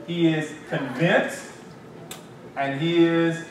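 Pastor in an echoey church. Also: male voice, a little high, drawn-out words. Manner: animated preaching with asides and acted quotes. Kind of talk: Bible study teaching. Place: church sanctuary. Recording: echoey room, distant mic, faint hiss.

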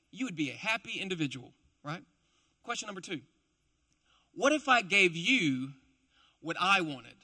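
A high, pushed and bright male voice belongs to a young man giving a casual, joking sermon before a live congregation. He's a preacher and a school teacher, and his delivery is chatty and playful with self-deprecating asides.

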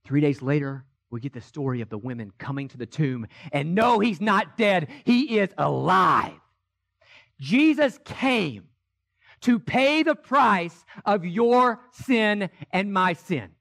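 A man pastor preaching an Easter sermon in a church, swinging from hushed, slow lines to shouted ones. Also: sits high, animated. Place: church sanctuary.

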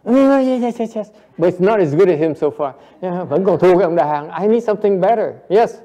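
A man with a high voice teaches a Dharma class. He jokes, coaxes answers from the room and laughs often, mixing English and Vietnamese as he explains. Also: animated, fairly quick, warm tone, muffled recording. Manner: playful, coaxing the audience, switching between English and Vietnamese; frequent laughter and repeated "yes, yes". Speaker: Buddhist teacher.

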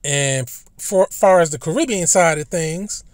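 A man's voice: on the high side, a little slow, no echo, clean studio sound. A man telling stories in a casual, rambling monologue, blunt and profane, often stumbling over and repeating his words as a commentary host.

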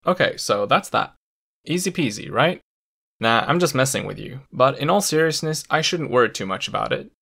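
A man narrating a scripted language lesson, explaining clearly with the odd playful aside. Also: medium pitch, animated, moderate pace, pushed and bright. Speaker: language educator.

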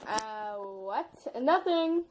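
Playful lady narrating toy play, slow, big pitch swings, faint hiss behind. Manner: playful, dramatic, jumps between whispers and excited shrieks.

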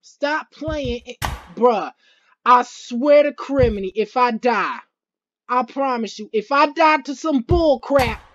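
A woman hosting a gaming video, commentating a let's play with excited yelps, shouts and slangy chatter. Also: on the high side, dull audio. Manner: slangy, repeats phrases rapidly.

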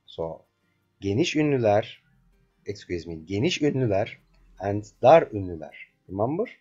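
A man with a low, mellow voice teaches an online beginner lesson. He drills the points patiently and often pauses to check that his learners remember. The sound is dull and lo-fi, with faint music underneath. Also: very animated, slightly rough. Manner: patient, slow drilling, keeps asking "remember?". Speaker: language teacher.

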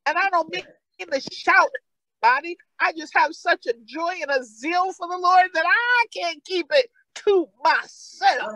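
A woman's voice: very high-pitched, a little slow, pushed and bright, dry recording, low-quality recording. A woman pastor with a New York accent, preaching a sermon with fervent, repeated calls.

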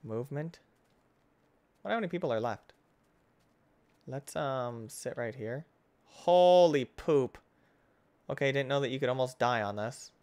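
Casting: man, gaming host, chatty play-by-play that jumps from yelps to near-whispers, average pitch. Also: moderate pace, pauses often. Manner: excitable, jumps between loud outbursts and hushed muttering. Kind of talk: casual let's-play commentary.

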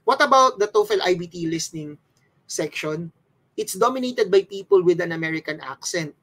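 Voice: mid-range voice, animated, normal speed, a bit bright, poor audio. A test-prep instructor from the Philippines, patiently explaining things step by step as a slide lesson.

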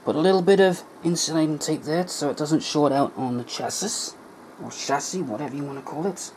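A man's voice: a little high, fairly even intonation, fast, darkish tone, slight background noise, poor audio. A man explaining an electronics repair at his workbench in a casual tutorial, thinking aloud and correcting himself as he goes. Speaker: electronics hobbyist.

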